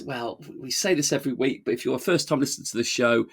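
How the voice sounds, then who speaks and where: A man's voice: medium pitch, fast talker, slight background noise. An English man co-hosting a podcast in casual chat, jokey and laughing often as he runs through the show's plugs. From England. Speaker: podcast co-host.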